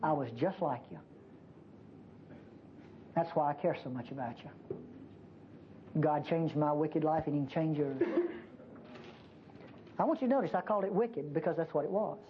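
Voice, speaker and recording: A woman's voice: moderate pace, long pauses, a little hiss or hum. An older woman preaching a sermon in a church, emphatic, folksy and teasing. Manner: emphatic, folksy and teasing, with lively pitch swings. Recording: dull lo-fi recording.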